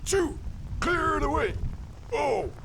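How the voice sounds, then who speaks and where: An actor playing a gruff male army officer who recruits soldiers and barks orders, heard as game audio over music. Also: extremely high pitch, very animated, slow, a bit bright, a little hiss or hum, heavily acted, poor audio. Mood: barking.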